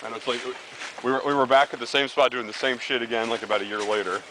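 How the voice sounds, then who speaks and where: A man's voice: medium pitch, steady tone, fast talker, pushed and bright, low-quality recording. A young man chatting casually with a friend in a vlog, rambling and offhand, often a bit off the camera mic. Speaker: vlogger's friend. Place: outdoors in woods, then indoors at home. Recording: clear background noise, camcorder audio.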